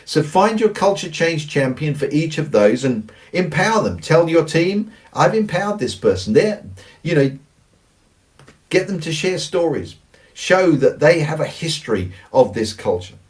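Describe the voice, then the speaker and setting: A church leadership speaker delivers a recorded teaching presentation on church and organizational culture, earnest and emphatic as he repeats his key phrases. His voice is a little high, sing-song, and a little slow, and he's recorded from a distance.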